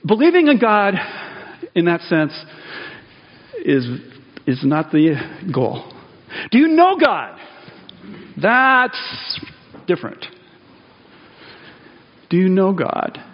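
Guy preaching, fairly high voice, chatty and restarts a lot, pushes up loud on the big points, echoey church sound a bit muffled. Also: big pitch swings, slow, long pauses. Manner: conversational, self-interrupting, rises emphatically on key points. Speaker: pastor. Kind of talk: sermon. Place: church sanctuary. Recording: dull audio with long hall reverb.

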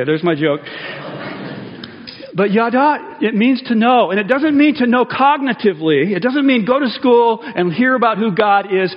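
Conversational preacher man in a reverberant hall. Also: high voice. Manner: conversational, self-interrupting, rises emphatically on key points. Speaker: pastor. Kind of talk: sermon. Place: church sanctuary. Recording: dull audio with long hall reverb.

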